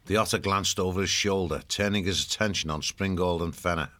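A man reading a storybook aloud as narrator, in a measured, expressive way. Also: sits low, dry recording. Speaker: audiobook narrator.

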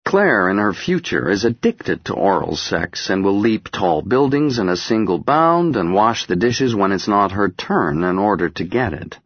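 A man narrating an audiobook in the first person, measured and intimate. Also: fairly low pitch, big pitch swings, husky, no room sound, muffled recording.

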